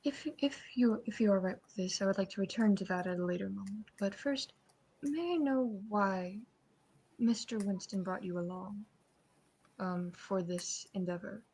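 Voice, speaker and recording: A woman's voice: mid-range voice, moderate pace, a little mellow, slight background noise, lightly acted. A woman playing a polite, formal doctor in a tabletop game, asking careful, courteous questions. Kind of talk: in-character tabletop role-play.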